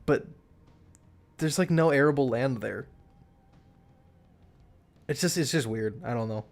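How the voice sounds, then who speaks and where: A man's voice: mid-range voice, a little slow. A man streaming live, chatting casually in a rambling way, restarting his sentences and laughing at himself.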